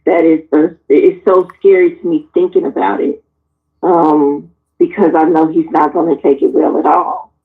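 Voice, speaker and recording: A woman's voice: low-pitched, moderate pace. Blunt woman telling stories over a tinny line. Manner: blunt, animated, swears freely, acts out the people in her stories. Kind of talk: candid personal storytelling. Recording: tinny phone-like sound.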